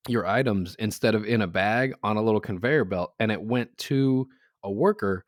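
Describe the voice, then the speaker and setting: A podcast co-host with a fairly low voice speaks at normal speed in casual chat, recounting anecdotes, laughing often and imitating those he quotes. The sound is dry and of studio quality.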